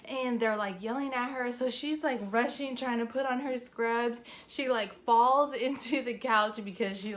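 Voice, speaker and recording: A woman's voice: on the high side, fairly even intonation, normal speed. A young woman in her twenties, vlogging a casual story time, chatty and full of fillers, emotional as she retells it.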